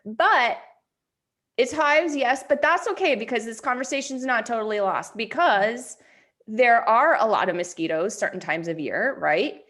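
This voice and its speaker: A woman's voice: on the high side, expressive, unhurried, fairly bright tone. A woman from New Hampshire co-hosting a moms' group update, chatting casually and telling stories animatedly with lots of "like". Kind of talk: casual chat.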